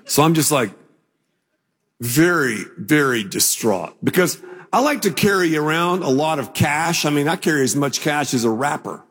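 An older man preaching a sermon as pastor, telling a story in a relaxed conversational way before building to emphatic declarations. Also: on the high side, moderate pace, slightly rough, big-room sound.

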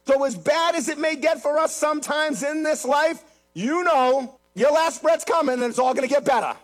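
Preaching at a moderate pace, this pastor has an extremely high-pitched voice. He addresses his congregation head-on, emphatic and prone to repeating his phrases.

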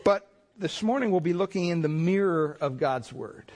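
A man's voice: on the high side, lively intonation, normal speed, darkish tone. A male pastor preaching a sermon in a conversational, folksy manner, telling stories with fillers.

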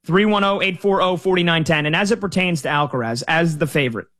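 A man with a slightly raised speaking pitch talks through his sports betting picks. His delivery is loose and conversational, with "you know" and "like" filling the gaps and sentences often restarting. It sounds like an unscripted sports talk segment. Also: brisk, a bit bright. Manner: conversational, with frequent filler words and restarts.

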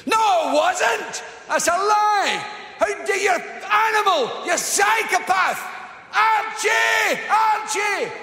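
A woman's voice: very high voice, animated, slow pace, sharp tone, shouting, some chatter behind, voice pushed up, exaggerated voice. A man voicing a furious village woman screaming over her dead cat, with a Scottish accent, recorded live in an echoey hall. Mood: shrieking furious.

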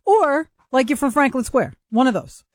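A woman's voice: high voice, big pitch swings, normal speed, no echo. A woman co-hosting a radio show, bantering and teasing the host. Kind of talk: playful banter.

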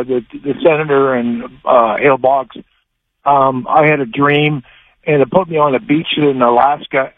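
Man, caller, rambling, hesitant, slightly high voice, tinny dry phone line. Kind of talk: call-in radio question.

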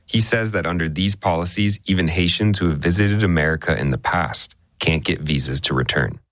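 A male radio reporter narrating a news story in a measured, conversational way. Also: low-pitched, a bit bright, no room sound, studio quality.

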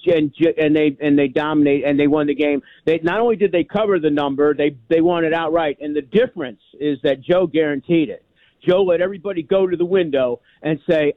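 An older man from New York calls in over a tinny phone line, his voice a little high. His delivery is dry and close, and he rambles with fervour, stumbling over repeated words. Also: dry recording. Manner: rambling, repeats himself, fervent. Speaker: caller. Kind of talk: call-in radio chat.

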